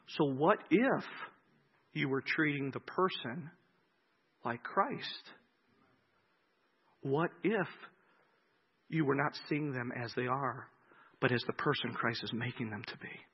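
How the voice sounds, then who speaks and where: A man delivers a sermon as pastor, his voice somewhat high and husky. He moves from loud, emphatic acted-out quotes to slow, soft reflection. The recording is dull and lo-fi.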